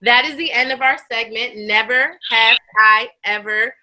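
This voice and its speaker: A woman's voice: on the high side, a little slow, sharp tone, poor audio. A woman hosting a virtual comedy show over a video call, talking casually and thanking the performers. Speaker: host.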